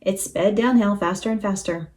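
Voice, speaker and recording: A woman teacher reading a children's storybook aloud in an expressive, animated way. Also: mid-range voice, moderate pace.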